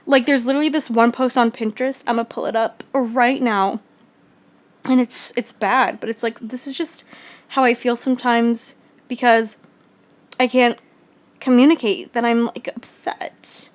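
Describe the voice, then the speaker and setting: Chatty young woman, higher voice. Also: steady tone, normal speed. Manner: rambling, full of "like" and restarts. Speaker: vlogger. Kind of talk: casual storytelling monologue.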